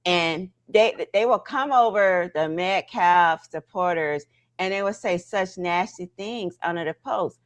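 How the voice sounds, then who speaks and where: A woman's voice: fairly low pitch, unhurried. A woman hosting a casual livestream, talking straight to her viewers and tagging her points with "right?" and "okay?". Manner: animated, talks to chat viewers directly; frequent "right?" and "okay?" tags. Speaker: livestream host.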